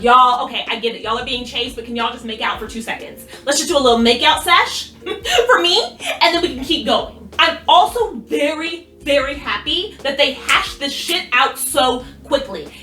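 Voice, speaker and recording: Woman, high bright voice, excitable fan recap, roomy distant sound with faint music behind. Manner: excitable, animated, swearing freely. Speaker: recap youtuber. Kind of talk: casual recap chat.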